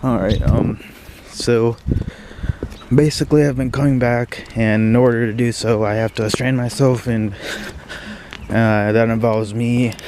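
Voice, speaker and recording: A man's voice: mid-range voice, fairly even intonation, measured pace, pauses often, noisy background. Shivering young man vlogging outdoors. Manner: hesitant, lots of fillers, talking quietly. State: shivering, breathing heavily. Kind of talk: casual vlog talk to camera. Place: outdoors in snow at dawn.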